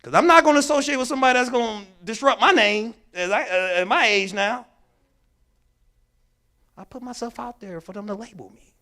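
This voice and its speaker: The workshop speaker here has a very high-pitched voice and talks fairly quickly. Giving a mental health talk at a church, he animates his stories by acting out the quoted dialogue, speaking emphatically and repeating key words.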